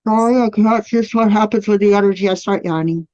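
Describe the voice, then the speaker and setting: Speaking quickly in a mellow, medium-pitched voice, a woman teaching energy healing walks a live online class through spoken affirmations. She's recorded on a computer mic over a live video stream, and the audio is dry and dull.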